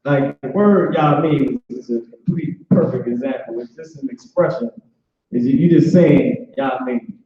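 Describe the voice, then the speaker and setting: A man teaching an informal online language class, talking loosely with many restarts and filler words like "boom". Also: unhurried. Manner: loose, conversational, repeats "boom" and restarts often. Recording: echoey, dull online call audio.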